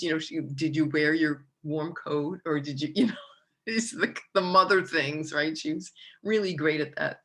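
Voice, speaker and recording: A woman's voice: lowish voice, fairly bright tone. Chatty rambling woman astrologer. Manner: chatty, rambling, many fillers and restarts; emotional, near tears when speaking of her mother. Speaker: astrologer host. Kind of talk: casual monthly astrology talk.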